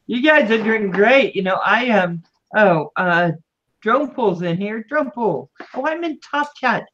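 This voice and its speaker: A woman's voice: mid-range voice, lively intonation, a little slow, a bit bright, dull audio, a little hiss or hum. A woman from Maryland with a slight Southern accent, hosting a casual livestream interview, teasing and giggling with her guest. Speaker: livestream host.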